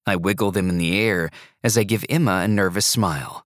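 A man narrating an audiobook in the first person, with a measured, even storytelling delivery. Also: deep voice, no echo, clean studio sound.

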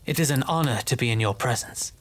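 An actor playing a solemn, earnest male lieutenant in an audio drama, measured and formal. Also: medium pitch, lightly acted.

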